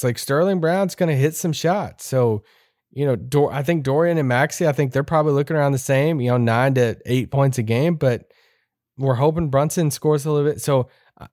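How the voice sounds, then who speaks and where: A man's voice: a little high, a little mellow, no room sound. Dry, sarcastic man in a dry studio. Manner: dry, sarcastic, laid-back. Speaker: podcast co-host. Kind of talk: casual sports chat.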